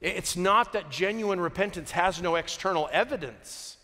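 A man's voice: high-pitched, normal speed. Man preaching in a reverberant hall. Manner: earnest, varies from quiet to emphatic, joking asides. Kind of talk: sermon.

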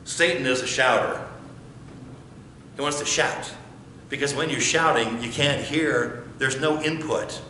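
A male pastor preaches with a bright, cutting tone, firing rhetorical questions and hammering phrases through repetition. His voice rings around a very echoey church sanctuary. Faint noise sits underneath. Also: medium pitch, measured pace, long pauses. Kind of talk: sermon.

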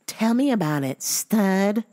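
A woman's voice: lowish voice, animated, moderate pace, soft background music. A middle-aged woman hosting a podcast in loose, profane chat, swearing freely and often breaking into song. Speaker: podcast host. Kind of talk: casual profane chat with bursts of singing.

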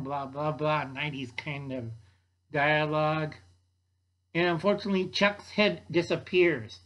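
An older man with a slightly high voice rambles through a movie plot he wrote down, stumbling over his notes. His delivery is loose and chatty, full of asides and restarts. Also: steady tone, unhurried, fairly bright tone, rough recording. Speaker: YouTube host.

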